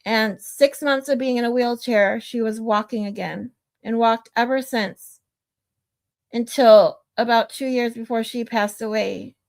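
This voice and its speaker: A middle-aged woman hosting a livestream who chats casually with viewers, rambles off on tangents, reads out their comments and laughs often. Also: on the high side. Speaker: livestream host.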